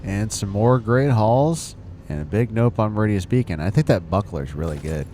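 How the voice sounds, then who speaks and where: Low-voiced man commenting on a game. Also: animated, moderate pace, warm tone, a little hiss or hum. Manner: upbeat, exclaiming. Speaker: gaming video host.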